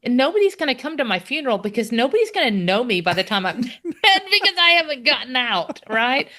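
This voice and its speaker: A woman's voice: on the high side, sing-song, fairly quick, sharp tone. Cheerful Texan woman telling a story. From Texas. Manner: cheerful storyteller, laughs often. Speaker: podcast co-host. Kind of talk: casual chat.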